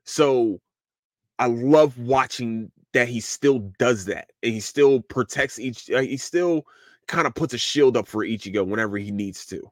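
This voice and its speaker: A man hosting a podcast, casually recapping an anime in a rambling, animated way and swearing freely. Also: medium pitch, unhurried, dry recording, clean studio sound. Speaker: podcast host.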